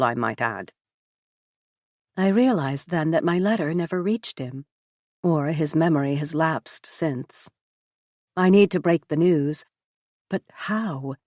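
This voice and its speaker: Low-voiced woman narrating an audiobook. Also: a little mellow, no echo, studio quality. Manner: measured, reflective storytelling. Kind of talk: first-person audiobook narration.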